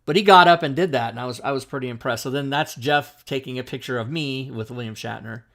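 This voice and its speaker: Hosting a livestream talk show, this fast-talking man spins a long, casual, rambling story, often laughing and restarting his sentences. His medium-pitched voice is fairly bright, with vocal fry.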